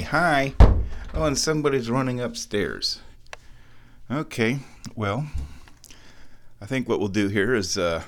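A man hosting his own show from home, rambling casually as he walks between rooms and talks to his cat in a high baby voice. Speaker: podcast host.

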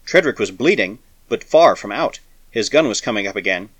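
A man narrating a science fiction story with a dramatic, expressive reading. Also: on the low side, moderate pace, breathy edge, dry recording. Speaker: audiobook narrator.

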